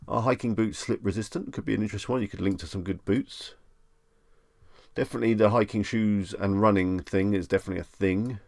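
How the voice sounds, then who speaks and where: A man's voice: lowish voice, steady tone, brisk, vocal fry, no room sound, clean studio sound. A man hosting a live stream in a casual, chatty way, reading questions aloud and musing on each one. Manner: chatty, reads questions aloud and muses on them.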